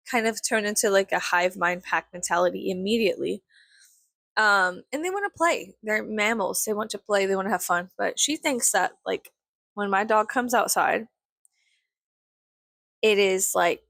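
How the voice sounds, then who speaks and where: Young woman vlogger, gravelly and dry, swearing and sarcastic. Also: mid-range voice, a bit bright, no room sound. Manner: profane, sarcastic, exasperated. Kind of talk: ranting casual monologue.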